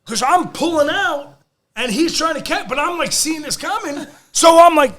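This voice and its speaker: Middle-aged male podcast host, high-pitched, swears freely, plays out every quote in his stories. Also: normal speed. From Lehigh Valley, Pennsylvania. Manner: animated, profane storyteller who acts out quotes. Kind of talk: casual podcast storytelling.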